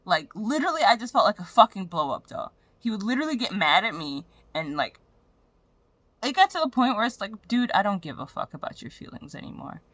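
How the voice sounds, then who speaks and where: A woman's voice: mid-range voice, sing-song, a little fast, a bit bright, no room sound. A young woman vlogging in a frank, profane, rambling way about her personal life. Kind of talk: candid personal vlog rant.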